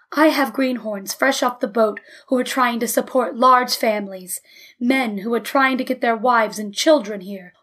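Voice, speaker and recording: A woman's voice: on the high side, lightly acted. A woman voicing a large, stern rabbi in a storybook reading, ironic and scolding. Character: large stern middle-aged male rabbi.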